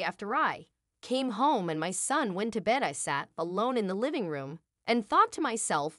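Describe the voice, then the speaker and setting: A woman's voice: mid-range voice, fairly bright tone, no echo, clean studio sound. A woman giving a dramatic, emotional first-person story narration.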